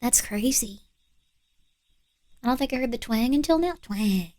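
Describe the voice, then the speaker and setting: A woman with a slightly high voice streams a horror game live and keeps up a playful running commentary. She teases her pet and chats with her viewers between moves. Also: normal speed, darkish tone. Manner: chatty and playful, scolds her pet and banters with chat.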